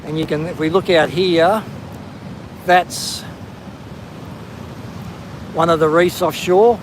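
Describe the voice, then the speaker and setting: Slow and steady in tone, a slightly high-voiced Australian man livestreams as he walks along a windy coastal headland. He greets viewers by name in casual chat. The audio is poor, with a little hiss or hum.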